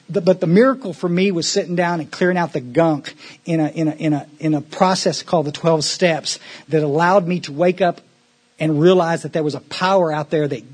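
A man's voice: a little high, slightly rough. A man speaking at a recovery meeting in an earnest, folksy way, often restarting his words.

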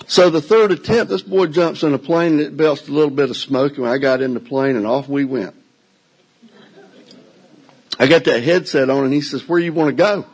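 A man's voice: a little high, normal speed, husky, low-quality recording. An older man telling a story on stage to a live audience in a folksy, self-mocking way. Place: indoor venue before a live audience.

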